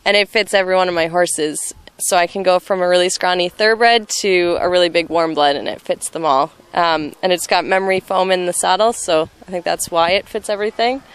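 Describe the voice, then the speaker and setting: A woman from Canada with a smooth, somewhat low voice answers questions about her riding gear. Her speech is plain and a little hesitant, often starting with an "um.". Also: fairly quick, hardly any pauses. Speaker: event rider. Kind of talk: casual interview answers. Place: outdoors at a horse event.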